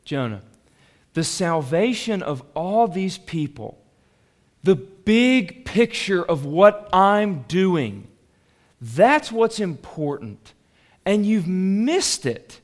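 A man's voice: high-pitched, big pitch swings, extremely slow, exaggerated voice. A male preacher voicing God in a sermon, reasoning earnestly and without hurry. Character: God, patient male deity gently rebuking.

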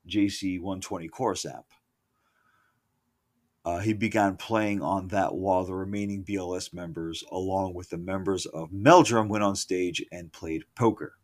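A middle-aged man recalling a concert in a casual, profane and opinionated rant, full of asides, self-corrections and loud outbursts. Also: lowish voice. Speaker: concert reviewer. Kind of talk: casual spoken concert recollection.

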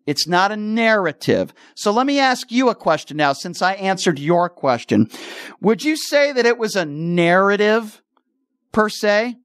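A man's voice: high-pitched, sing-song, unhurried, a bit bright, smooth, no room sound, clean studio sound. A man hosting a call-in radio talk show, combative and talking over his callers.

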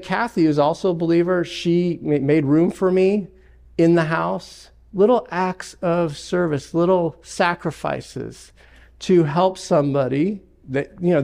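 A man's voice: on the high side, gravelly, a little mellow. A man preaching a sermon as pastor, emphatic, with repeated phrases and personal stories. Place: church sanctuary.

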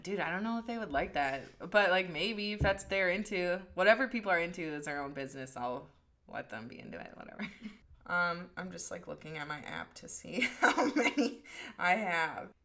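A woman's voice: on the low side, expressive, moderate pace, sharp tone. A woman chatting casually and giggling on a podcast, with many fillers. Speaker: podcast guest. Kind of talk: casual chat.

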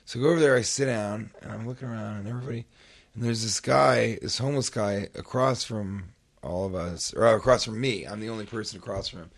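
A man's voice: fairly low pitch, fast, gravelly. A man hosting a podcast, casually telling a comic story and acting out the sounds and voices in it. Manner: animated, acts out sounds and voices. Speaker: podcast host.

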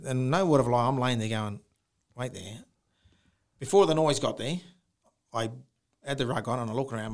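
A man telling a personal ghost story in casual chat, acting out the sounds he heard. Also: medium pitch. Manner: animated storyteller, mimics the noise with rising howls. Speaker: podcast co-host.

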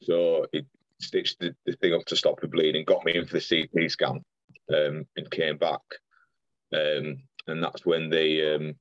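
Deep-voiced young man telling a story. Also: level tone, a little slow, dry recording, lo-fi sound. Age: young adult. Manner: earnest, detailed retelling with frequent restarts and quoted dialogue. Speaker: podcast guest. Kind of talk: personal storytelling in conversation.

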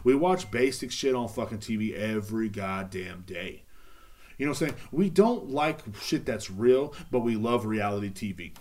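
Profane ranting man, lively pitch. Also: moderate pace. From Texas. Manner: profane, ranting, rambling with restarts. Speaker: podcast host. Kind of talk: casual solo rant.

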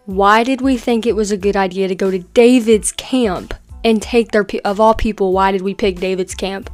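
A woman's voice: mid-range voice, fairly even intonation, moderate pace, faint music behind, natural voice. A woman voicing panicked enemy raiders who second-guess their attack, in an everyday speaking voice.

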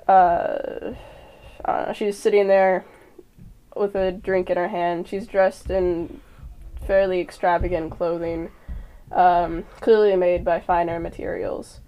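Slow, hesitant woman player. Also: fairly low pitch, dark tone, clean tone. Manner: hesitant, trailing off, lots of "um". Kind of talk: describing her character in a tabletop game.

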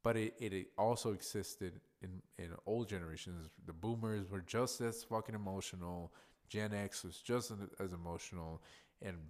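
A man hosting a podcast, talking alone in a blunt, profane, conversational way. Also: low-pitched. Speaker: podcast host. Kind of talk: casual solo podcast monologue. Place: workplace in a hotel lobby.

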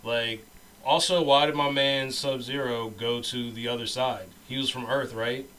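A man's voice: medium pitch, fairly even intonation, unhurried, sharp tone, rough recording. A man in casual chat, ranting with profane slang about a movie.

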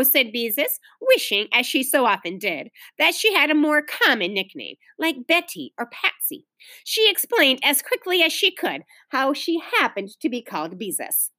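A middle-aged woman teacher reading a children's novel aloud to her class, telling the story in an expressive, clear way. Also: on the high side, moderate pace, no room sound.

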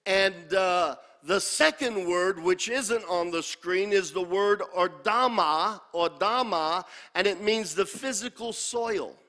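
A man's voice: high-pitched, slow pace, few pauses, pushed and bright. A man preaching a sermon, teaching from scripture, repeating key words and calling on the congregation to answer. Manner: calls for congregation responses. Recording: long hall reverb.

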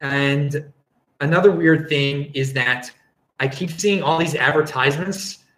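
A man's voice: a little high, a little slow, a bit bright, roomy sound, low-quality recording. A man hosting a casual livestream, reading viewer comments and rambling, often chuckling and breaking off mid-sentence. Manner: rambling, chuckling, self-interrupting. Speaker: livestream host.

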